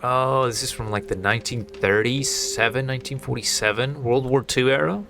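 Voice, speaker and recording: A man's voice: medium pitch, steady tone, normal speed, gravelly, music in the background. A young man streaming a game, reacting casually and joking as he plays. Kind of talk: live gameplay commentary.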